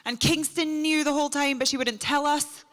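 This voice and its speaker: A woman's voice: high voice, fairly even intonation, moderate pace, fairly bright tone. Chatty Scottish woman in an echoey hall. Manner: chatty, self-deprecating, laughs often. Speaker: guest actor. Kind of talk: casual convention Q&A. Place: large convention main stage.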